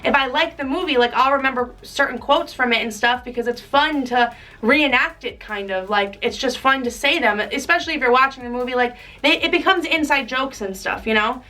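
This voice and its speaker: A woman's voice: high voice, a little fast, hardly any pauses, bright, forceful tone, far from the mic. A young woman vlogging in a chatty, casual way, full of "like" and laughs. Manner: chatty, uses "like" a lot, laughs. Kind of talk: casual chat.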